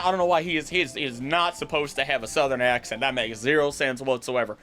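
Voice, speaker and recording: A man hosting a video, explaining myths in an animated, jokey, tangential way. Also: medium pitch, fast, hardly any pauses, faint music behind. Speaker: voice actor and video host. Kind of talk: casual explanatory commentary.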